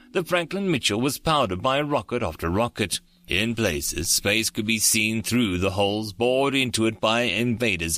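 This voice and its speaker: A man reading an audiobook in measured, steady scripted narration. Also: mid-range voice.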